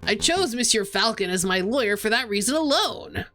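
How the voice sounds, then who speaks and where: A woman's voice: a little high, animated, moderate pace, fairly bright tone, faint music behind. A woman voicing a laid-back surfer-dude male fox who drawls and fills his talk with filler words. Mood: breezy. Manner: drawling, full of likes and dudes.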